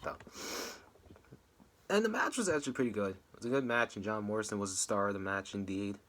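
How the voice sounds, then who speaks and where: A young man talks through a wrestling recap in a loose, casual way. His voice sits at an ordinary middle pitch. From time to time he cracks into high, wailing mock-crying. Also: a bit bright. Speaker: wrestling reaction vlogger. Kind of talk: casual show recap and reaction.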